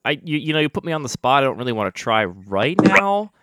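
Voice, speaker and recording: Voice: mid-range voice, fast. A podcast host chatting casually, teasing the co-host in a dry way. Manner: dry teasing, lively intonation. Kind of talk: casual chat.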